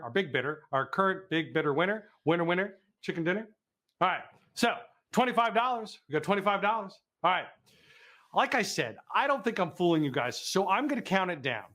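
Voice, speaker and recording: A man's voice: high voice, sharp tone. A man from the Midwest hosting a live fundraising telethon, calling donation auctions in a playful, goofy way and teasing the audience.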